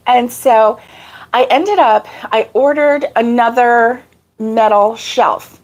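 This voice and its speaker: Woman, live-stream host, out of breath, chatty, unhurried, slightly high voice. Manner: chatty, greets viewers warmly by name. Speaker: crochet channel host. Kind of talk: casual live-stream chat.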